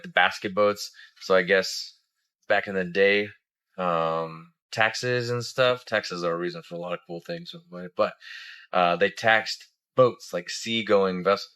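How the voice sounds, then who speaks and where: A man's voice: low voice, a bit bright, clear, resonant tone. A man giving a casual travel review as a family vlogger, rambling with lots of fillers.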